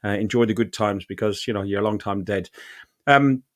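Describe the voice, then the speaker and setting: A man's voice: on the low side, a little fast, dry recording, clean studio sound. Chatty man hosting a podcast. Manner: rambling, chatty, with many fillers and restarts. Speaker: podcast host. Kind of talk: casual chat.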